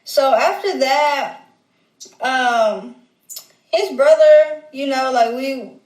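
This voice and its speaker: Woman telling a story, kinda high voice, rambly and slangy, echoey room. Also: drawn-out words. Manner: rambling, slangy, frequent fillers and self-corrections. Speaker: storyteller in a clip. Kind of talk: casual storytelling. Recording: roomy echo.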